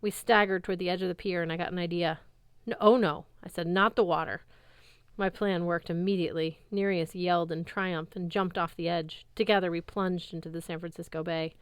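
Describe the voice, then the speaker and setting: A woman reads a chapter of a novel aloud in a lively first-person voice. Her tone is clear and smooth, recorded close with a dry, roomless sound. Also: lowish voice, fairly quick, hardly any pauses, no echo. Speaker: reader.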